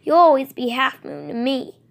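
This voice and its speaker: A woman voicing an old golden tabby tomcat, once noble, speaking calmly and steadily. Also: high voice, normal speed, vocal fry, heavily acted. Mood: earnest.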